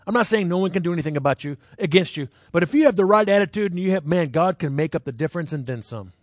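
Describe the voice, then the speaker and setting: A man's voice: expressive, fast talker, no room sound. Conversational male preacher, dry sound. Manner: conversational, asks the crowd questions; jumps into high voices when acting out people. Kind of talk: sermon with personal stories.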